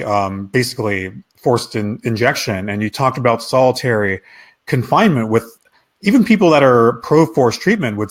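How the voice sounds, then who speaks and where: A man hosting a podcast, asking his guest long, searching questions. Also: mid-range voice. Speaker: podcast host. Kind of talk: interview questions.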